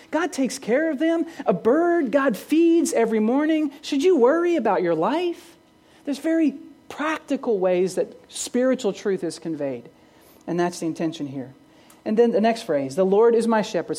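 Woman pastor, sermon, earnest, rhetorical questions, rises on key phrases, mid-pitched voice. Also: a little mellow. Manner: asks the congregation rhetorical questions.

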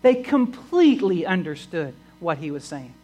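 Guy preaching a sermon, trips over his words a lot, gets loud and punchy on key lines. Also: high-pitched, very animated, moderate pace, low-quality recording. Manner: stammering restarts, rising to emphatic bursts.

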